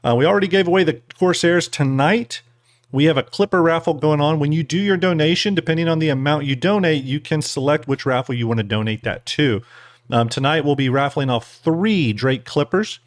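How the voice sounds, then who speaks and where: A man's voice: on the high side, brisk, dry recording, clean studio sound. A man hosting a live stream, chatting casually and a little tipsy, thanking donors and explaining giveaways. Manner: relaxed, rambling, thanks donors while eating jelly beans. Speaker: streamer host.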